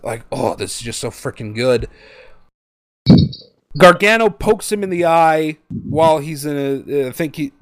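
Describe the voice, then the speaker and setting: Excitable man recapping a wrestling match. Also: on the high side, dry recording. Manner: excitable, acts out quotes in exaggerated voices. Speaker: wrestling podcast host. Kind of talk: casual play-by-play recap.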